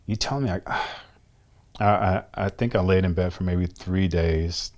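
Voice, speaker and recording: A man's voice: low-pitched, level tone, slow, darkish tone. A middle-aged man from the United States, a guest in an interview, candidly telling a personal story and acting out both sides of remembered conversations.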